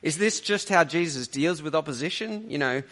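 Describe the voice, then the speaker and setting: A man's voice: a little high, lively intonation, moderate pace, a bit bright. A man preaching a sermon, teaching earnestly and conversationally with rhetorical questions.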